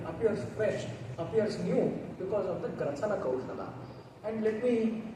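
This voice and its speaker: A man with an Indian English accent giving a talk on poetry, chanting verses slowly and melodically between explanations. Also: high-pitched. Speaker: guest speaker on Sanskrit poetry. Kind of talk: lecture with recited Sanskrit verses. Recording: echoey hall, distant mic, noticeable noise.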